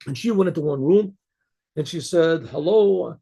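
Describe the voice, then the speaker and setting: Husky, dark-voiced rabbi storyteller; halting delivery, keeps clearing his throat. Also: a little high. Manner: halting, many restarts and fillers, clears throat often. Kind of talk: casual spoken storytelling.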